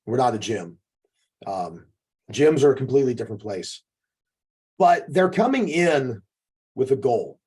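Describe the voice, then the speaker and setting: Husky, emphatic, profane man coaching. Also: mid-range voice, sing-song, a little slow, long pauses, warm tone. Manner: emphatic, profane, preachy, repeats "okay". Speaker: podcast co-host and jiu-jitsu coach. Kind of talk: motivational podcast talk.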